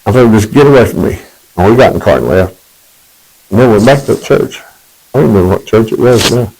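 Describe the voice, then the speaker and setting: Man, personal testimony, rambling, conversational, self-correcting, lowish voice. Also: fast talker, darkish tone, husky, low-quality recording.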